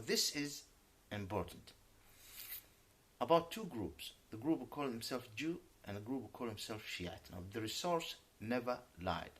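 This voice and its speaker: A man's voice: medium pitch, fairly bright tone. Indignant man with a native Arabic background. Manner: emphatic, indignant, swears to his honesty; switches between English and Arabic. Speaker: YouTuber. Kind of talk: unscripted vlog rant.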